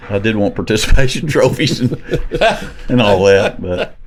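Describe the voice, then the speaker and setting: Southern guy hosting a chatty podcast, rambly, laughs a lot, real low voice. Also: lively intonation, normal speed, slight background noise. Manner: joking and rambling, laughs often. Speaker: podcast host. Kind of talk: casual chat.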